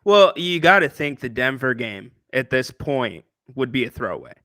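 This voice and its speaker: Easygoing co-host, dry close sound. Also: male voice, mid-range voice, very animated, normal speed, pushed and bright, no echo. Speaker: radio co-host. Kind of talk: casual sports chat.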